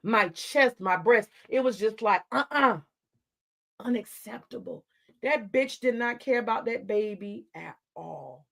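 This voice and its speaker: A woman's voice: mid-range voice, unhurried, creaky, few pauses. A woman hosting a livestream, ranting at her chat in a confrontational, profane way. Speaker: livestream host.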